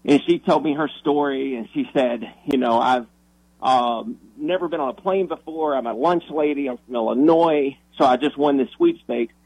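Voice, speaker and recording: A man who is a minister, telling a story on the radio in an animated, excitable way, often restarting his sentences. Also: mid-range voice, moderate pace, creaky, no echo, poor audio.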